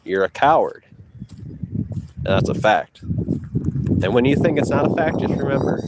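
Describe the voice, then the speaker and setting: A man's voice: mid-range voice, lively intonation, unhurried, long pauses, heavy background noise. Taunting man vlogging on a walk. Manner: taunting, boastful, talks to a rival between breaths. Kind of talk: trash-talking walk vlog. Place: outdoors on a walk.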